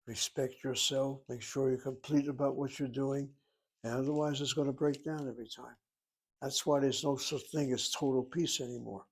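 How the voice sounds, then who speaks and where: A man's voice: mid-range voice, a little mellow. A man teaching a Hebrew class, explaining words and grammar step by step. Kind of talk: classroom lecture.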